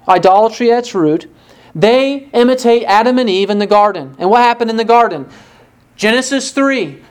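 Delivering an expository sermon in a fairly high-pitched voice, a woman poses rhetorical questions to her listeners and leans on pauses for emphasis.

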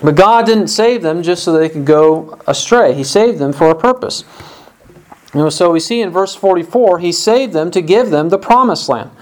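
A man's voice: sits high, animated, normal speed, poor audio. A man preaching a sermon, a parent, emphatic and stressing points by repeating phrases. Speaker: pastor.

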